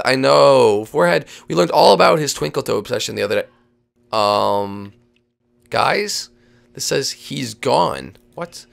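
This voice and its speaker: A woman hosting a game role-play, leading her friends in an excitable, bossy way with sudden shouts. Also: rumbling low, a little slow, gravelly. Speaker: host.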